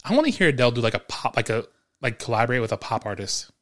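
A man of ordinary pitch co-hosts a casual podcast from his home. He rambles through anecdotes and opinions, stumbling over repeated words and pausing to clear his throat. His tone stays relaxed and conversational throughout. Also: soft background music. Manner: rambling storyteller with frequent restarts and throat clearing. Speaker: podcast co-host. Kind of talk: casual chat.

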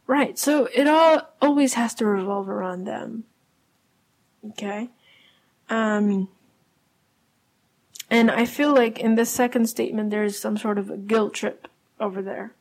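A young woman with a slightly high voice talks through her podcast topic alone. She explains conversationally, with fillers and self-corrections, in a casual solo podcast style. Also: fairly even intonation, unhurried, long pauses, a little mellow. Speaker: podcast host.

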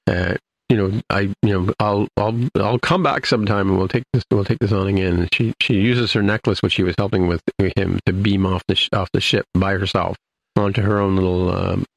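A man's voice: sits low, fairly even intonation, a little fast, vocal fry. A man casually recapping an episode, rambling with many fillers and restarts. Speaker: podcast host recapping an episode. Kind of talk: casual chat.

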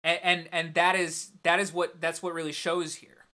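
A woman's voice: on the low side, little pitch movement, moderate pace, bright, forceful tone. A woman co-hosting a podcast, arguing her points about a film emphatically, with some swearing. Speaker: podcast co-host. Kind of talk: casual film discussion.

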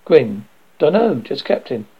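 A man's voice: medium pitch, sing-song, unhurried, breathy edge, full character voice. A man voicing a blunt young woman police constable who talks in a curt, offhand way. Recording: dull lo-fi recording.

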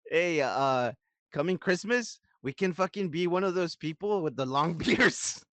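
A man's voice: high-pitched, wildly swooping pitch, takes it slowly, long pauses, fairly bright tone, dry recording. A man co-hosting a podcast who laughs a lot and teases his co-host in casual banter. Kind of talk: rowdy drunk podcast banter.

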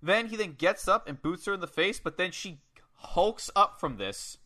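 Man, very bright tense voice, slightly high, excitable, swears freely, casual recap. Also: normal speed. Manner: excitable, profane storyteller. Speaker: podcast co-host. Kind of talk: casual wrestling match recap.

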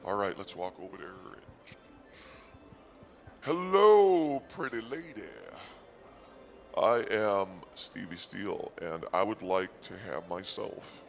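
A man's voice: lowish voice, expressive, slow, long pauses, soft background music. A man hosting a comedy podcast, rambling sarcastically and mock-boastfully about his day at a casino.

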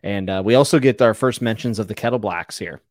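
A man with a lowish voice gives blunt, animated opinions in a relaxed book podcast. The recording is dry and close. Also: fairly quick, no room sound. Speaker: podcast co-host. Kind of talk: casual book discussion.

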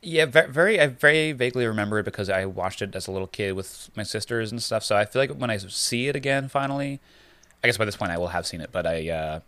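A man's voice: lowish voice, expressive, quick pace, bright, forceful tone, no room sound. A man co-hosting a podcast, chatting casually and rambling with many restarts. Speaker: podcast co-host. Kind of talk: casual chat.

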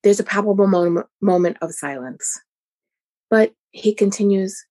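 A woman telling a personal story in a measured, reflective way, in short phrases. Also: mid-range voice, a little mellow. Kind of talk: personal story told to an audience.

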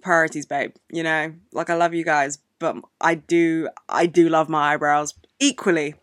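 A woman's voice: low-pitched, little pitch movement, moderate pace, no echo, clean studio sound. A young woman hosting her own podcast in casual solo chat, blunt and frank, swearing freely and laughing often. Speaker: podcast host.

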